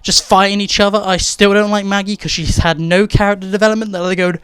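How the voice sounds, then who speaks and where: An excitable man reviewing a TV episode, rattling along and ending points with "okay?". His voice is high and smooth. It is recorded close and dry, with no room sound. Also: dry recording. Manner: excitable, rapid, keeps tagging "okay?". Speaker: TV show reviewer. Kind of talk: casual spoiler-light TV review.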